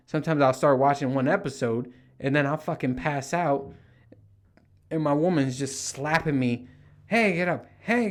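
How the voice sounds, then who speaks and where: Middle-aged male host, casual rambling monologue, swears a lot, jumps into high panicked quotes. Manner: animated, swears freely, acts out panicked quotes in a higher voice. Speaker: podcast host.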